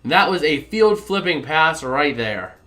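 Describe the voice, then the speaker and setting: A man calling play-by-play and reacting to a football game on a live stream, with quick, excited play calling. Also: on the high side. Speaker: play-by-play commentator.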